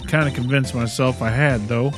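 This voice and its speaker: A man's voice: medium pitch, steady tone, normal speed, music in the background, close to an everyday voice. A drawling Southern gal, as a man puts her on. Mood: folksy. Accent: American Southern, put on. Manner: folksy drawl, bargaining, says y'all. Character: loud excitable Southern woman photographer.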